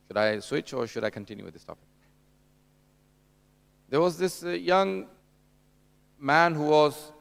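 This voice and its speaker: A man's voice: medium pitch, gravelly. A man giving a conversational sermon at a religious gathering, addressing the audience directly and telling anecdotes. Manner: tells anecdotes and acts out dialogue. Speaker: religious lecturer at a mourning gathering.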